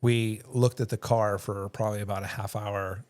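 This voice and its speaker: A man's voice: fairly low pitch, little pitch movement, moderate pace, darkish tone. A man taking part as a guest in a casual family chat, rambling and restarting his sentences. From Pittsburgh, USA.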